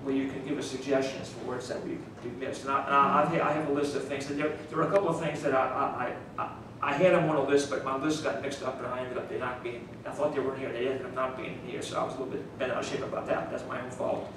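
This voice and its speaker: A man's voice: mid-range voice, level tone, quick pace, hardly any pauses. A man with a New Orleans accent, an author chatting casually with a small audience, rambling and chuckling as he restarts his sentences. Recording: echoey room miked from a distance, noise.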